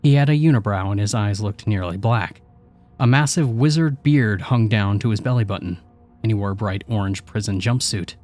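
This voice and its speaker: A man narrating a scripted horror story in a steady, measured way. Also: fairly low pitch. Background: faint music.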